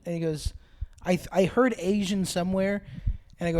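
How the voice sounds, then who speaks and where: Brief: comedian guest, man, high voice, riffs and acts out quotes in loose podcast chat. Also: brisk, darkish tone. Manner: riffing, acts out quotes of others. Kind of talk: casual chat, rambling storytelling.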